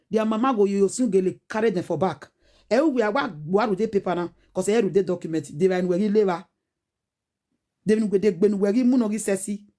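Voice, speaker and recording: A woman's voice: medium pitch, dark tone. Nigerian woman in her forties, scolding rant. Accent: Nigerian Pidgin English. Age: 40s. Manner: preachy, scolding, rhetorical questions. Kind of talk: animated casual rant.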